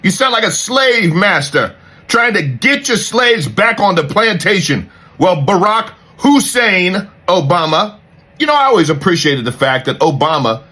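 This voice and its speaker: A man's voice: high-pitched, bright, forceful tone, slightly rough. A man in a political reaction video, heated and mocking, talking straight at a politician.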